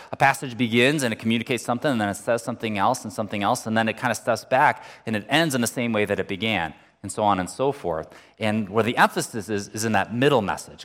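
A man's voice: lowish voice, fairly bright tone, big-room sound. A man preaching a sermon as pastor, talking earnestly and conversationally and lifting his voice when he reads scripture.

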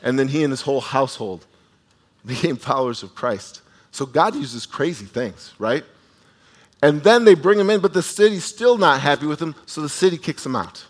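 A man's voice: on the high side, normal speed. Conversational male preacher, storytelling. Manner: conversational, animated storytelling with asides to the congregation; restarts and repeats words while speaking. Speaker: pastor. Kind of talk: sermon.

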